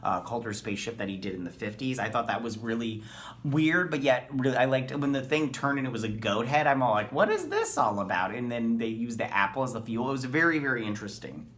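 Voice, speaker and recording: A man's voice: medium pitch, quick pace, a bit bright, slight background noise. A man hosting a casual TV episode review, talking in a rambling, enthusiastic way with many ums and uhs. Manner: rambling, filler-heavy, enthusiastic. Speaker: TV show reviewer.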